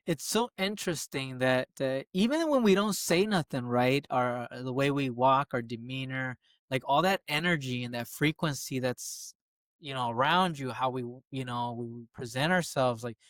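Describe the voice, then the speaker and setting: A man in casual podcast chat, animated and swearing freely, repeating phrases for emphasis. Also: medium pitch, normal speed, no room sound. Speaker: podcast co-host.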